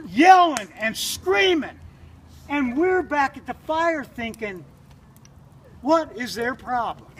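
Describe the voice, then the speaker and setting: Slow-drawling cowboy storyteller man. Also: very high-pitched, a bit bright. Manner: drawling, slow, acts out voices in his tale. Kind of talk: told campfire story. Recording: distant mic, faint noise.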